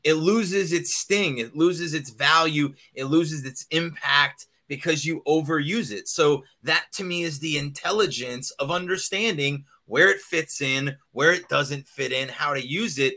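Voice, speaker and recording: A man co-hosting a podcast in casual chat, animated, laughing often and leaning on "like" fillers. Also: on the high side, unhurried, hardly any pauses. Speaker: podcast co-host.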